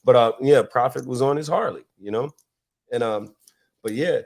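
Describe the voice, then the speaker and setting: A man's voice: mid-range voice, moderate pace, gravelly, a little mellow. Male podcast host from Florida, loose rambling storyteller, laughs often, mid-range voice. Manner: rambling, laughing, many fillers. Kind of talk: casual storytelling chat.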